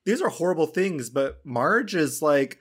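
A man's voice: on the high side, big pitch swings, slightly rough. Rambling male podcast host. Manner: rambling, halting, casual swearing. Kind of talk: casual chat.

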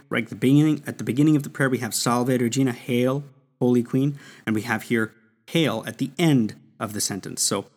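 Slow, patient man teaching Latin prayer. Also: medium pitch. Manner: patient, repeats and sounds out Latin words. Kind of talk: slow explanatory lesson.

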